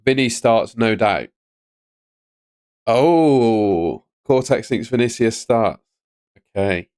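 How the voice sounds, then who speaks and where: A man's voice: mid-range voice, expressive, takes it slowly, a little mellow, clean tone, no room sound, clean studio sound. A young man hosting a fantasy football live stream in a chatty way, reading out and answering chat messages. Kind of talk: casual live-stream commentary. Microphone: studio microphone on stand.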